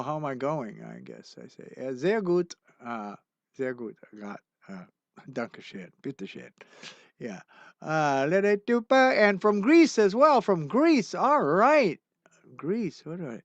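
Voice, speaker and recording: An older man hosting a livestream of his songs, chatting casually and rambling with plenty of "uh" fillers, then signing off warmly to his viewers. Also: fairly high pitch, no room sound. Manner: warm, encouraging sign-off. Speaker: singer-songwriter hosting a livestream. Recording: dull, muffled lo-fi sound with faint music.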